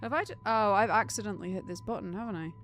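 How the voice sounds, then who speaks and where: A young British woman chatting casually on a game live stream, animated and incredulous, laughing often. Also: mid-range voice, racing, soft background music.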